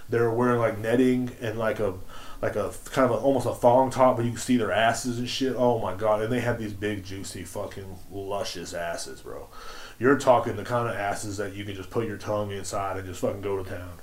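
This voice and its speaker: A man's voice: on the low side, fairly even intonation, brisk. A man hosting a solo podcast, telling crude stories in a rambling, profane, casual way. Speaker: podcast host. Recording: roomy echo.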